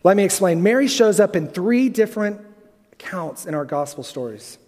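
A man preaching a sermon earnestly, asking the congregation rhetorical questions and pausing for effect. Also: high voice, lively intonation, darkish tone. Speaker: pastor. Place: large auditorium. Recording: long hall reverb.

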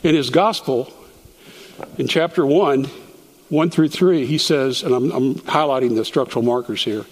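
A man at a middle pitch leads a verse-by-verse Bible study and explains each phrase to his group. He often breaks off and restarts a word. His voice carries a long reverb, as if recorded in a church hall. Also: normal speed. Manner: explanatory, stops to restart words.

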